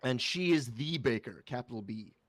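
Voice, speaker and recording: A man narrating as game master in a tabletop role-playing game, halting with many fillers. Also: mid-range voice, animated, fairly bright tone, no room sound.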